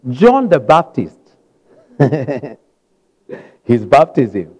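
A man from Africa preaching a sermon in a church, retelling scripture with sudden loud rises and soft drops. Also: medium pitch, very animated, slow, long pauses, poor audio. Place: church hall.

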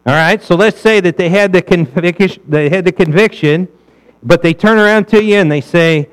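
Brief: male pastor, fairly high voice, chatty sermon full of rhetorical questions. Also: normal speed, smooth, rough recording. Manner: conversational, asks the congregation rhetorical questions.

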